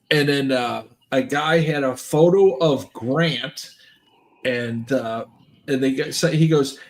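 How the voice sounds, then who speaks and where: A man's voice: on the high side, a little slow. A man in casual chat, rambling through a story with repeated words and frequent laughs. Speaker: stream co-host.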